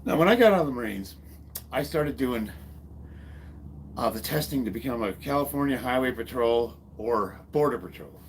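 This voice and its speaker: A man in his fifties, a former Marine, telling a long personal story in a casual, halting way, swearing freely and stopping to restart his sentences. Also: mid-range voice, expressive, a little hiss or hum. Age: 50s. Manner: halting, profane, full of fillers and restarts. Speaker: fitness vlogger and former Marine.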